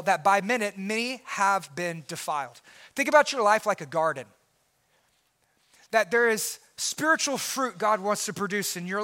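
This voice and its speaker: In an earnest sermon, a male pastor shifts from quiet, low-voiced lines to shouting for emphasis. He often repeats words as he goes.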